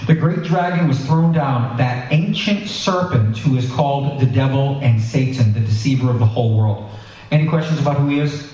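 A man's voice: mid-range voice, normal speed, mellow, distant mic. A man preaching a sermon and reading scripture, talking conversationally with asides to his congregation. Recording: echoey hall, voice picked up from afar.

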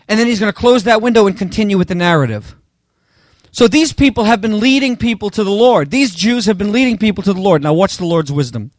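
A man's voice: high voice, no echo, studio quality. A man preaching a sermon with emphatic delivery, talking straight to the congregation. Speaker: pastor.

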